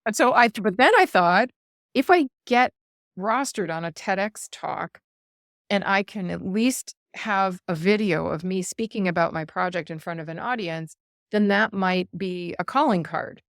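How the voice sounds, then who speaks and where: A woman guest on an interview show, talking in an earnest, animated way and laughing now and then as she tells stories, heard over a video call. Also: lowish voice, normal speed, vocal fry, no echo, clean studio sound. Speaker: guest speaker. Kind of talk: casual interview chat.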